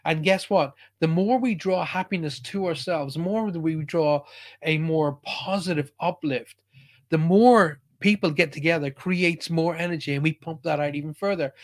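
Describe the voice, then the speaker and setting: A man's voice: on the high side, normal speed. A middle-aged man giving an emphatic motivational talk as a spiritual speaker, often checking in with listeners.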